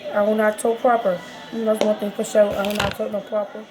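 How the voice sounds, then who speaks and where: A woman's voice: mid-range voice, level tone, a little fast, over music. A woman with a Washington DC accent, chatting casually as she talks viewers through a how-to video in a slangy, rambling way. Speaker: vlogger.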